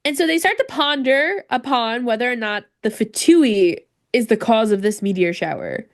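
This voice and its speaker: A woman co-hosting a podcast in casual chat, telling the story with lively acted-out asides. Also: a little high, normal speed. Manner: animated storyteller, acts out quotes. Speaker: podcast co-host.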